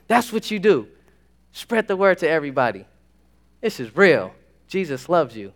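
Young male preacher, high-pitched, excitable campus sermon, hushed asides and bursts of shouting. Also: moderate pace.

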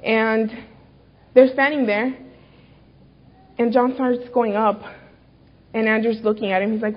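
A woman's voice: fairly high pitch, little pitch movement, measured pace, pauses often. Young woman giving a chatty youth sermon. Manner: chatty and earnest, many "like"s and restarts. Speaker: youth speaker at church. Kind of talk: informal youth sermon with storytelling. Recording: dull lo-fi recording.

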